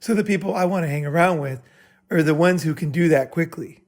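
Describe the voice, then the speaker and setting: At a live summit Q&A, a man with a slightly high, darkish voice answers an audience member bluntly and fairly quickly. He swears and keeps checking in with "right?"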